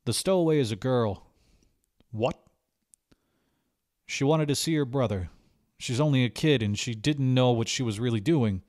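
A man's voice: mid-range voice, normal speed, long pauses, a little mellow, pitched above the performer's own voice, lightly acted. A man doing a grim, weary pilot. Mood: pleading.

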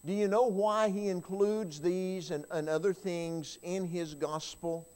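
A man preaching a sermon in a church, telling a Bible story and swinging from quiet passages to loud cries, often repeating words as he starts a phrase. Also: high-pitched, steady tone, unhurried, smooth.

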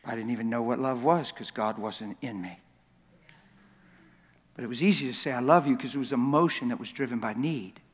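An impassioned male preacher who tells his story in a confessional way, with a voice of middling pitch. His words ring out through a large church with a long reverb. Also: moderate pace, long pauses. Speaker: guest preacher. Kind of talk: sermon.

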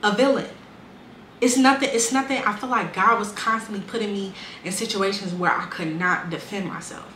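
A woman's voice: medium pitch, fairly even intonation, fairly quick, hardly any pauses, pushed and bright. A young woman, telling her life story casually and bluntly, swearing freely and acting out what people said. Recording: echoey room with faint ambient noise.

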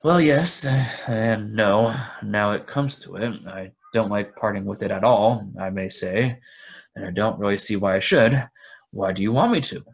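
A man voicing a fussy, possessive elderly male hobbit who rises to sharp, excited outbursts. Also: fairly low pitch, measured pace, vocal fry, husky, heavily acted. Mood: defensive.

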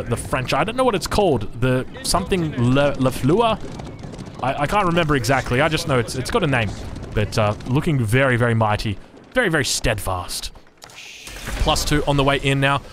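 A man's voice: mid-range voice, a little hiss or hum. A man with an Australian accent giving chatty play-by-play commentary on a strategy game, correcting himself and breaking into hype at big moments. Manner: chatty, self-correcting, bursts into excited hype. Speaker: game caster.

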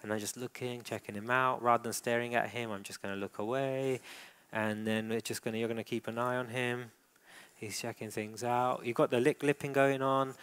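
A man coaches a dog owner through a live demonstration. He talks in a gentle, encouraging way and describes each thing the dog does. His pitch sits in the middle range for a man. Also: fairly even intonation, a little fast, clean tone. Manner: gentle, encouraging, narrates the dog's behaviour. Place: indoor event hall.

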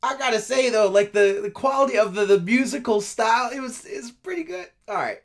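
Gravelly, amused reaction host woman. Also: a little high, animated, fairly quick. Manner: amused, laughing, taken aback. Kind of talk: casual reaction commentary.

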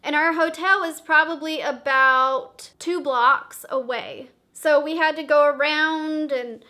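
A young woman tells a storytime vlog in a dramatic, profane way. Her voice sits high and sounds bright and sharp. She jumps between loud outbursts and quiet, confiding asides. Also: fairly even intonation, takes it slowly. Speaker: vlogger.

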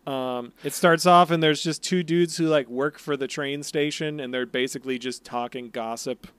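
A man's voice: a little high, fairly even intonation, normal speed, fairly bright tone, clean tone, dry recording. A man co-hosting a casual podcast chat, teasing and swearing with enthusiasm. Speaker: podcast co-host.

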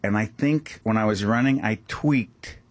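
A man's voice: on the low side, a little slow, dry recording. A man, guest-hosting a talk radio show with emphatic, impassioned commentary in a studio. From Newark, New Jersey. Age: 50s. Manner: impassioned, emphatic, rhetorical questions. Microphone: studio microphone.

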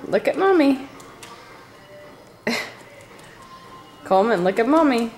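A woman's voice: fairly high pitch, animated, slow pace, a little mellow, faint music behind. A mother at home filming her toddler on a handheld camera, coaxing him in a sing-song baby-talk voice. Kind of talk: home video, talking to a toddler. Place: at home indoors.

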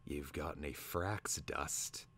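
A man's voice: low-pitched, normal speed, sharp tone. A man doing a grumbling creature peddler. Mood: conspiratorial. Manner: complaining, wheedling salesman. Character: grumbling male creature peddler, wary, shrewd. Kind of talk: dramatic reading.

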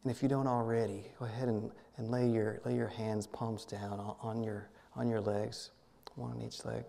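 A man serving as minister, leading a guided prayer meditation in a gentle, halting way, often repeating words and dropping to a soft hush. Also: on the low side, level tone, vocal fry, in a large hall. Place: church sanctuary.

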